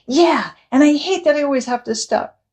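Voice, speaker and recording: A woman's voice: high-pitched, normal speed, darkish tone, pitched above the performer's own voice, natural voice. A woman voicing a frustrated young boy who whines and complains to his mother. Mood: sulky. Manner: whiny, complaining.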